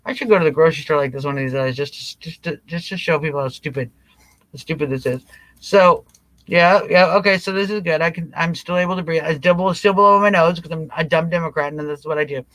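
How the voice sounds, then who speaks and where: Bright, mocking male stream host. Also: on the high side, steady tone, quick pace, no echo, poor audio. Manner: mocking, acts out scenes. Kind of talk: casual political talk stream.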